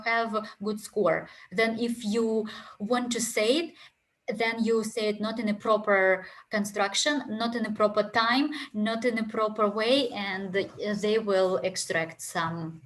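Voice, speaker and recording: Ukrainian woman teaching exam prep. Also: medium pitch. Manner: chatty, many fillers and asides. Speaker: English test prep teacher. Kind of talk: online exam prep lesson. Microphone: headset.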